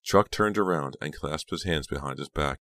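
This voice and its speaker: A man narrating an audiobook in a steady, measured way. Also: very deep voice, dry recording. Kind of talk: scripted narration.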